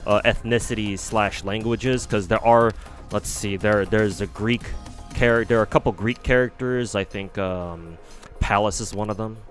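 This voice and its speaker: A man's voice: fairly low pitch, steady tone, moderate pace, soft background music. Rambling, profane male streamer. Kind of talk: casual game commentary.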